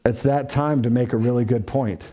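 A man preaching a verse-by-verse sermon, rising in pitch and volume for emphasis and dropping low and quiet for solemn points. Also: steady tone, normal speed. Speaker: pastor. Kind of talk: expository sermon.

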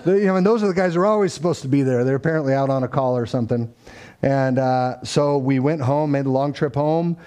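A man with a clear, resonant, dark mid-range voice talks quickly as he recounts a family story. His telling is casual and faith-tinged, full of fillers, and he acts out the quoted dialogue.

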